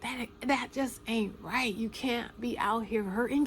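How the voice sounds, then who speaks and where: A woman's voice: fairly high pitch, unhurried, few pauses, slight background noise. Emphatic, repetitive woman talking casually. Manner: emphatic, repeats phrases for stress, slangy. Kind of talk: casual spoken commentary.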